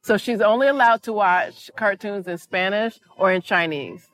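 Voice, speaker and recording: A woman guest in a lively interview before a live audience, playful, with loud drawn-out greetings and exclamations. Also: medium pitch.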